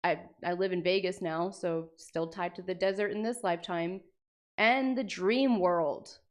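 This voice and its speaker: Young woman, casual livestream chat, animated, sweary jokey asides, reads aloud then reacts. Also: fairly low pitch, measured pace. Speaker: streamer.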